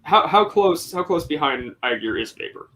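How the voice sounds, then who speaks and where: A man's voice: fairly high pitch, expressive, moderate pace, bright, forceful tone, a little hiss or hum, low-quality recording. A man playing a tabletop game, insistent and arguing for his turn. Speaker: player. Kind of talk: casual tabletop play.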